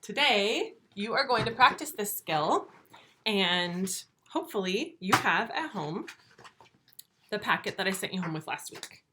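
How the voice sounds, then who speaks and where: A woman teaching first graders in a recorded video lesson, speaking slowly and clearly, stretching words out and asking patient, encouraging questions. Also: medium pitch, expressive, sharp tone, a little hiss or hum. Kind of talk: remote video lesson for young children.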